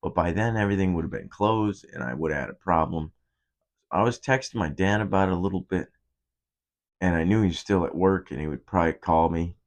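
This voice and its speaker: A man's voice: low voice, fairly quick. A young man hosting a podcast, telling a rambling, profane story in a casual monologue. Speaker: podcast host.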